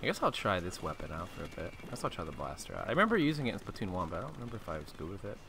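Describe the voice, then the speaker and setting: A man co-hosting a gaming podcast, chatting casually and excitably while playing online, swearing and laughing loudly. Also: deep voice, very fast, vocal fry, background noise.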